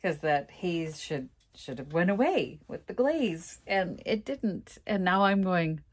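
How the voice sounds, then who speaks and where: A woman vlogging casually to camera about a furniture project, halting and sighing, on the verge of tears. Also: lowish voice, expressive, breathy edge. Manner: halting, sighing, laughing through frustration. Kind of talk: casual vlog talking to camera.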